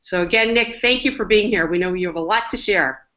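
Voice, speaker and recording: A woman's voice: mid-range voice, a little fast, bright, forceful tone. A woman hosting a business webinar, introducing panelists in an upbeat, enthusiastic way over dull lo-fi webinar audio. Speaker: webinar host, marketing executive.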